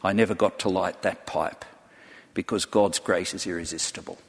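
A man's voice: low voice, steady tone, normal speed, gravelly, breathy edge. A man preaching a sermon to a large congregation, telling stories earnestly and putting direct questions to his listeners. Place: church hall before a large congregation. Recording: long hall reverb.

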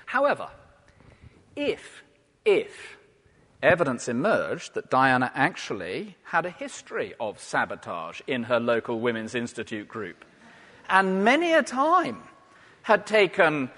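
Vicar preaching in a reverberant church. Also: male voice, on the high side. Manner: lively storyteller, wide swings from loud to hushed. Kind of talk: sermon.

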